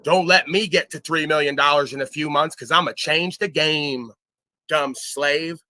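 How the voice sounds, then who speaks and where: A man hosting a livestream, ranting in a profane, boastful way that jumps between loud outbursts and low muttering. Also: moderate pace. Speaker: livestream host.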